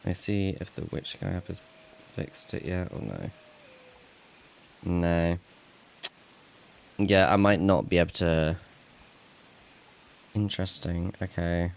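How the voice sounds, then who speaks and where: A man with a very deep voice and a gravelly, creaky edge chats away on a live stream. He rambles to himself as he sorts out tech trouble, taking his time and chuckling at his own remarks. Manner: rambling, talks to himself while fixing tech; laughs at himself, self-mocking. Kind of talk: casual live-stream chat.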